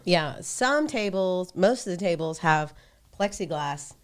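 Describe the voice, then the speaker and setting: A woman's voice: lowish voice, lively intonation, measured pace. A woman guest on a podcast, telling a story casually and animatedly, laughing often.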